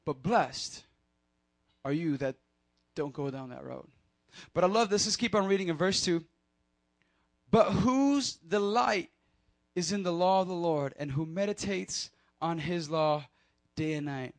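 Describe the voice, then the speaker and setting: A high-pitched man preaching to young people in a lively, playful way. He leans on call-and-response and jokes between the scripture readings. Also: a little slow, long pauses. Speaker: youth pastor. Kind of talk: lively sermon to a youth crowd.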